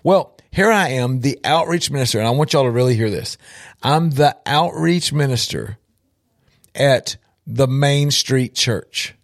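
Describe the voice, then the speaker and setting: A man's voice: medium pitch, expressive, unhurried, no room sound, clean studio sound. A man, an outreach minister telling a story with emphatic repetition and direct appeals to listeners. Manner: emphatic, repeats for effect, addresses listeners directly. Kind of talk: storytelling testimony.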